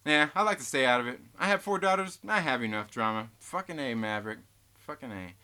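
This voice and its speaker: A man's voice: brisk, smooth. A man hosting a live stream, ranting and swearing heatedly while reading chat comments. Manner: swings between loud outbursts and low muttering.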